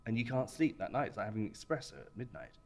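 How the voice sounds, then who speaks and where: A man's voice: mid-range voice, animated, very fast. A man hosting a casual chat, hesitant, often stammering and repeating words. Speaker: host.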